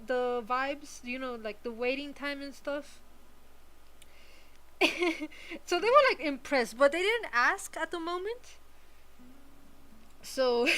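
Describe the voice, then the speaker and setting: A woman's voice: high-pitched, slight background noise, rough recording. A young woman chatting casually while she draws, telling a long family story with lots of swearing and laughter. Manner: animated, profane, laughs through her stories. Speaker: artist streaming a drawing session.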